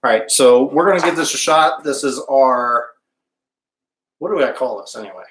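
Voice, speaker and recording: A man's voice: medium pitch, lively intonation, moderate pace, a bit bright, roomy sound. A man hosting a casual live-stream cooking show, chatting with viewers and humming while he tastes. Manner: chatty, stops to hum while tasting.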